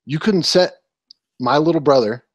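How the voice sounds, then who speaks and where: A man's voice: a little high, moderate pace, no echo, clean studio sound. A man in his twenties co-hosting a casual podcast, telling annoyed stories with an exasperated, ranting manner. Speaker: podcast co-host.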